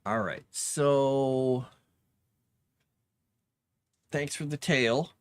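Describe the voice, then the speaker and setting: A man's voice: medium pitch, extremely slow, clean tone, no room sound. A man casually chatting while building a fantasy map, muttering to himself and cooing at his cat. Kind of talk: casual livestream chat while working.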